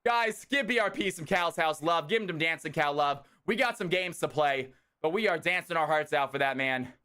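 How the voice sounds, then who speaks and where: A man's voice: on the high side, normal speed, clean tone. A man hosting a live stream, commentating games and talking directly to his chat with lots of hype. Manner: energetic, hyped, talks straight to chat. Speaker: streamer hosting community game nights.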